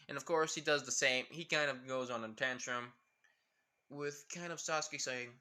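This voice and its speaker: A man's voice: mid-range voice, normal speed, bright, forceful tone. A young man casually improvising a fan story, rambling with many fillers. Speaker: fan fiction narrator.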